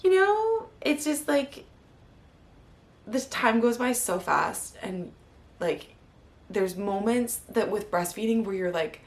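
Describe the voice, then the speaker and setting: In a candid personal vlog, a mother in her thirties tells her story with a mid-range, animated voice, speaking slowly and pausing often. She rambles heartfeltly with lots of fillers and at times is close to tears.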